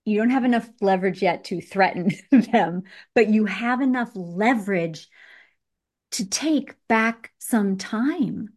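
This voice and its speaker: A woman coaching participants on a group call, direct and encouraging, with animated emphasis. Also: mid-range voice, slow pace. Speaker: business coach.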